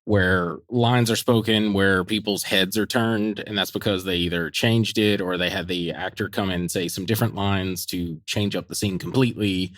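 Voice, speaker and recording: Animated man ranting about a bad movie. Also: low-pitched, moderate pace, few pauses, no room sound, studio quality. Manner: animated, laughing, mocking quotes. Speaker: podcast co-host. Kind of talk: casual movie review chat.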